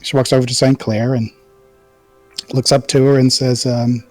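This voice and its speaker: A man's voice: mid-range voice, normal speed, pauses often, no room sound, soft background music. A man running a tabletop role-playing game as game master, narrating at an easy pace with many ums. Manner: narrates with frequent ums, relaxed.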